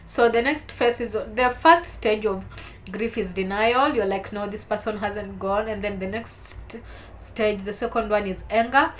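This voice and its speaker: A young woman, talking to camera in a heartfelt, halting way while holding back tears. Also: mid-range voice, slight background noise. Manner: heartfelt, halting, soft-spoken with emotional swells. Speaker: vlogger. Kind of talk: personal talk to camera.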